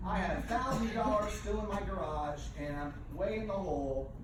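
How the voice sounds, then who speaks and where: A woman runs a lively team training, playful and full of exclamations. Her voice comes from well back from the microphone and rings around a very echoey room. Steady background noise hums under her. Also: medium pitch, moderate pace, far from the mic. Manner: animated, playful, exclaims often. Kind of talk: lively training demo with a live audience.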